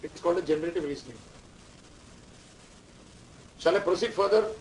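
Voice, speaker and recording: A man's voice: sits high, brisk. A man giving a classroom lecture, repeating key terms and quizzing students. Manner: repetitive, quizzing the class, dictating instructions. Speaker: management lecturer. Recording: distant mic, faint room noise.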